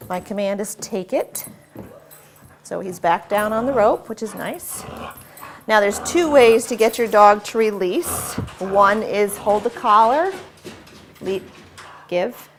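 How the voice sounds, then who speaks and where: A woman's voice: medium pitch, expressive, takes it slowly. Woman dog trainer, patient instructive delivery, faint background noise. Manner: patient, instructive, mixing explanation with short commands to a dog. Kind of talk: hands-on training demonstration.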